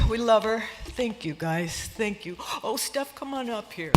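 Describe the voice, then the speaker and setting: A woman's voice: medium pitch, animated, unhurried, hardly any pauses, background noise. Older woman giving a tearful eulogy. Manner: tearful, laughing through emotion. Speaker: sister of the deceased giving a eulogy. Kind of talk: emotional memorial eulogy. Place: church sanctuary. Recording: long church-hall reverb.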